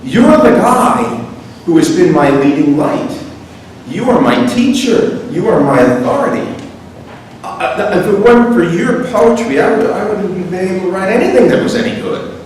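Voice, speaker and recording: A man's voice: high voice, expressive, moderate pace, a little mellow, slight background noise, voice pushed up. A man voicing a distressed medieval poet who gushes and pleads in a raised voice. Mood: awestruck. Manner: pleading, gushing. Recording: echoey hall from far off.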